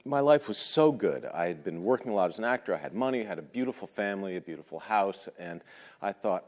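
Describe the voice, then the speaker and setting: A man's voice: low voice, expressive, fast. A man in his fifties telling personal stories at a talk, conversational and hesitant, with self-deprecating humor. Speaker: speaker at a talk. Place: large lecture hall. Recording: long hall reverb.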